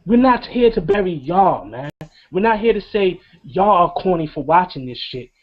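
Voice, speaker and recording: A man's voice: high voice, big pitch swings, moderate pace. A middle-aged man delivering an impassioned, profane rant as co-host of a review show. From New York. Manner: emphatic, profane, preaching. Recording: dull lo-fi sound.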